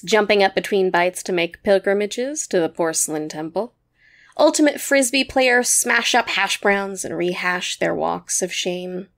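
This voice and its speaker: A woman narrating a short story in a measured, even storytelling manner. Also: mid-range voice.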